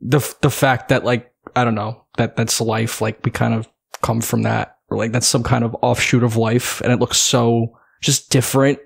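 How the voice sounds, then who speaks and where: A man's voice: medium pitch, level tone, moderate pace, gravelly, few pauses, husky. Rambling man who laughs often. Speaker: podcast co-host. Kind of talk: casual chat.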